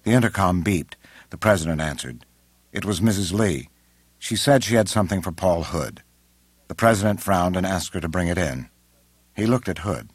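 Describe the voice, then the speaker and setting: A man narrating an audiobook in a measured, unhurried way, recorded close on a studio mic. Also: deep voice, expressive, breathy edge, no echo. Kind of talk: scripted narration.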